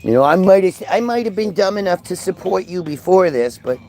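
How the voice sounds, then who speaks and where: A man's voice: high voice, expressive, fairly quick, darkish tone, soft background music. A man ranting angrily in a commentary video, profane and sarcastic, and at times mocking others in put-on voices.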